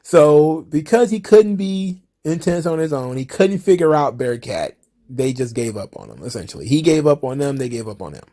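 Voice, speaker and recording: A man's voice: a little high, normal speed. A man hosting a wrestling commentary podcast, talking casually with frequent swearing and laughter. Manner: animated, profane, laughs often. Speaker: podcast host.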